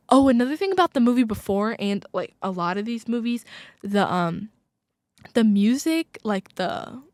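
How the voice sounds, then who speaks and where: A woman's voice: fairly high pitch, expressive, a little mellow, no room sound. Gushing young woman, dry studio sound. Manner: gushing, filler-heavy, quick asides. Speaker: podcast host. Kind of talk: casual chat. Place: college radio studio.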